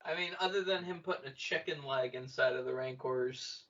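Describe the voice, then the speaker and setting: A man's voice: medium pitch, brisk, a bit bright, a little hiss or hum. A man co-hosting a comedy podcast, playful and joking around. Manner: playful, makes predictions and silly voices. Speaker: podcast co-host. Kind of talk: casual comedic podcast chat. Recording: dull, distant lo-fi audio.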